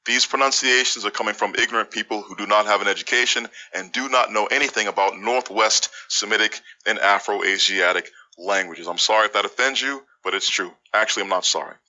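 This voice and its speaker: A man's voice: fairly low pitch, pushed and bright, low-quality recording. A man teaching a verse word by word, blunt and scornful toward those he sees as wrong. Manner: blunt, scornful, deliberate spelling-out of words. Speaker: Bible language teacher. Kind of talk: scripted Hebrew word-by-word lesson.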